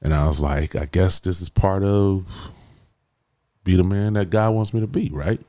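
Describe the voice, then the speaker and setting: A man telling his life story as a guest, casual and animated, often saying "bro" as he talks. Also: low-pitched, moderate pace. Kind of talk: emotional personal storytelling.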